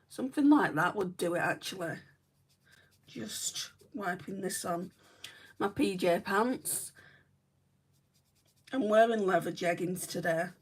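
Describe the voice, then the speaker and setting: A beauty vlogger from northwest England chats casually during a makeup livestream, rambling along in a northern English accent with plenty of "right" and "like". Her mid-range voice has a breathy edge, and she's recorded from a distance.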